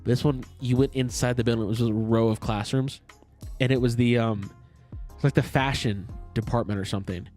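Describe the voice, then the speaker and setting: A man's voice: mid-range voice, fairly even intonation, a little fast, a little mellow, faint music behind. A young man in his twenties co-hosting a podcast, telling a long story in a rambling, profane way and laughing along as he goes. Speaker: podcast co-host. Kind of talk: casual storytelling chat.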